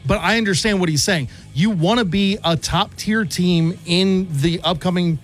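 A man co-hosting a sports talk radio show, arguing his side calmly and reasonably. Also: high voice, moderate pace, soft background music.

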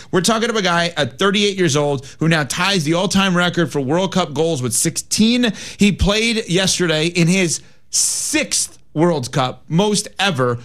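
A man hosting a sports talk radio show, briskly reeling off stats. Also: on the high side, a bit bright.

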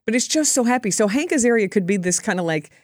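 A woman's voice: on the high side, fast, dry recording, studio quality. A woman reporter giving a chatty, enthusiastic recap on air. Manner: chatty and enthusiastic, lively quoted voices. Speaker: radio or TV reporter.

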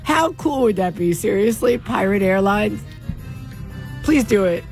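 A woman's voice: mid-range voice, animated, measured pace, darkish tone, faint music behind. A woman co-hosting a radio show, giggly and playful in joking banter. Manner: giggly, playful, plays at a flight attendant.

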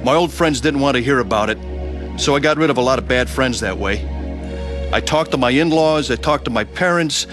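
A man narrating his own testimony with earnest, gentle sincerity and acting out the scenes. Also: mid-range voice, brisk, over music.

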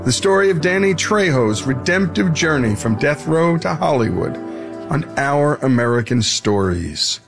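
A man's voice: on the high side, sing-song, a little slow, gravelly. Radio host guy wrapping up the segment, music playing under him. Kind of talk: scripted radio outro. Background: music bed.

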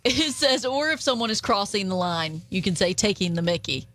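A woman's voice: mid-range voice, expressive, moderate pace, fairly bright tone. Giggly Appalachian woman co-hosting a chat. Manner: giggly, reads phrases aloud. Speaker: podcast co-host. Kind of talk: casual chat.

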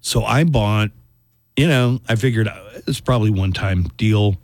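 A man hosting a radio show in casual chat, telling stories in a chatty, animated way. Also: on the low side, normal speed, no room sound, studio quality.

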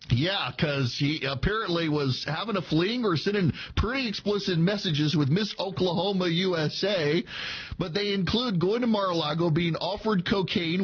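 A man's voice: on the high side, slightly rough, dull audio. A man giving casual political commentary, chatty with sarcastic asides and frequent fillers. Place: Tulsa, Oklahoma.

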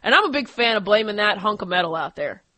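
A woman's voice: mid-range voice, very animated, quick pace, bright, forceful tone, no room sound. A woman co-hosting a sports radio show, chatting in an emphatic, exclaiming way. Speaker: radio co-host. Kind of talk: casual sports talk.

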